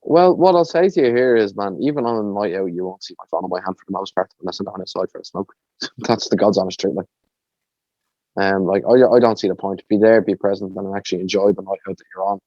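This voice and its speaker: A man's voice: low-pitched, quick pace, dark tone, no room sound, muffled recording. A man with an Irish accent, co-hosting a podcast in laid-back casual chat, saying "like" a lot. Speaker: podcast co-host.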